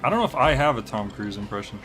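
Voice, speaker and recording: A man's voice: lowish voice, very animated, fast talker, a bit bright, soft background music. A man giving casual gameplay commentary on a stream, joking and reacting to chat as he plays. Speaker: game streamer.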